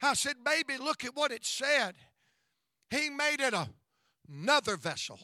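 Man, middle-aged revival preacher, high bright voice, slow rhythmic delivery, call-and-response. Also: no room sound, clean studio sound. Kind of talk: revival sermon. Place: church.

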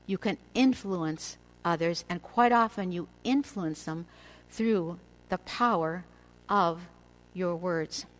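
A woman's voice: on the low side, low-quality recording. Earnest older woman teaching scripture. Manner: measured, earnest, slows for emphasis. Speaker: women's Bible teacher. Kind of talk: devotional teaching to women.

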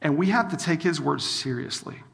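A man's voice: a little high, lively intonation, normal speed, vocal fry, fairly bright tone, big-room sound. A man, a campus minister, preaching a sermon and telling a story, acting out the lines of each person in it. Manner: storytelling, acts out quoted dialogue.

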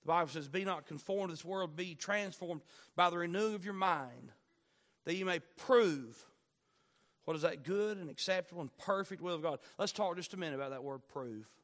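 A pastor preaching a Wednesday night sermon, building from quiet asides to impassioned, near-shouted peaks. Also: male voice, high-pitched, normal speed.

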